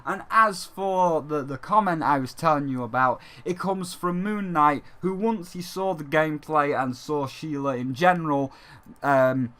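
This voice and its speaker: Bright-voiced gaming vlogger. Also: male voice, fairly high pitch, measured pace. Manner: rambling, joking, swears freely; speaks as a dragon persona. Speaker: gaming channel host. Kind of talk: casual gaming vlog commentary.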